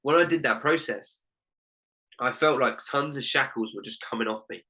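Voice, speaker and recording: A man's voice: medium pitch, moderate pace, pushed and bright, poor audio. A young man, a life coach and podcast guest, telling a heartfelt personal story in an earnest way, full of "literally" and "like".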